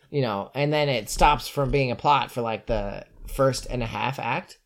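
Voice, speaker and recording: A podcast host chatting casually as he recaps a book, animated and joking with quick asides. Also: mid-range voice, vocal fry.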